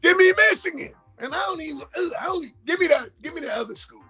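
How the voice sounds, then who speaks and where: A man's voice: very high-pitched, expressive, quick pace, bright, forceful tone, faint music behind. A man co-hosting a casual sports talk show, playfully boasting and trash talking to the audience.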